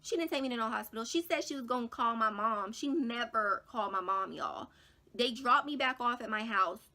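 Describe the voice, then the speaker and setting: Speaking at a moderate pace, a young female vlogger shares a personal storytime with her audience. Her slangy, casual delivery is dramatic and lively, jumping widely in pitch and volume.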